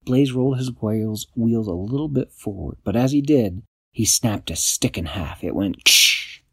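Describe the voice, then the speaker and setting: A man improvising a bedtime story for a child, in an animated, playful way. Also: mid-range voice, normal speed, husky, no room sound.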